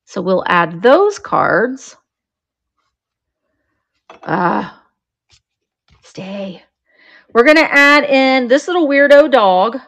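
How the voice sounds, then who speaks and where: Slow-talking woman selling vintage items. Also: on the high side, animated, creaky, fairly bright tone. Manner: chatty, describes items as she shows them. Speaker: live auction seller. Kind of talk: live sale chat.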